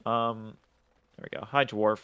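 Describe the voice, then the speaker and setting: A man's voice: on the low side, steady tone, a little slow, fairly bright tone. Profane laughing streamer guy. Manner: profane, self-mocking, laughs often. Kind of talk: casual gameplay commentary.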